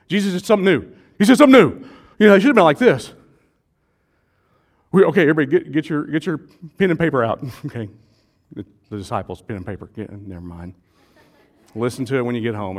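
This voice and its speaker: A man's voice: on the high side, animated, a little fast, pauses often. A male pastor, preaching in a casual, joking way and acting out voices from the crowd. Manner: playful, jokey, acts out voices of the crowd.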